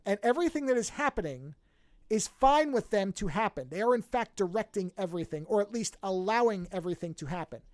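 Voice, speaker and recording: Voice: mid-range voice, fairly quick, dry recording, studio quality. A podcast host casually recapping a TV series, telling it with energy and acting out the characters' lines, often restarting and correcting mid-sentence. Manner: animated storytelling, acts out characters' lines.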